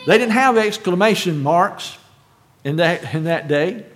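A man delivers a sermon in a somewhat high voice. He climbs to loud, emphatic repetition, then sinks back to a hushed, deliberate reading of scripture. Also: animated. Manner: builds to shouted quotes, then drops to hushed reading. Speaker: preacher.

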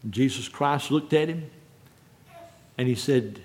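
A man preaching a sermon, rising to loud, fervent repetition and then dropping to quiet, measured reading of scripture. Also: medium pitch. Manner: builds to shouted quotes, then drops to hushed reading.

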